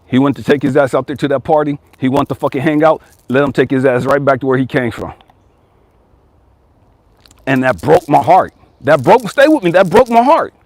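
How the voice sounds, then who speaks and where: A man's voice: a little high, no echo. A man in his forties giving a blunt, profane motivational talk as a life coach and channel host. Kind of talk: casual motivational monologue.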